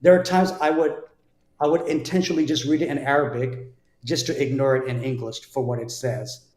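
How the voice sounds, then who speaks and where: A man's voice: mid-range voice, steady tone, brisk, darkish tone. A man from New Jersey, a guest telling his conversion story in an earnest, conversational way, often repeating words as he restarts. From New Jersey, USA. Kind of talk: conversational personal testimony. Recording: roomy echo.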